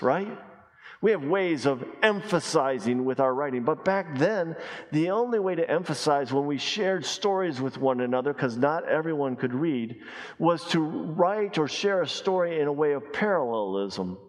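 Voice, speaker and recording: A man preaching a sermon as pastor, emphatic, repeating key phrases and dropping his voice low and slow to stress a point. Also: lively intonation. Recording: long reverb of a large hall.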